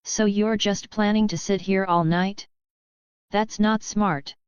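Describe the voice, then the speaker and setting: A woman's voice: medium pitch, steady tone, takes it slowly, clean tone, no room sound, natural voice. A woman voicing a brash, theatrical young man who declaims grandly. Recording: dull lo-fi audiobook audio.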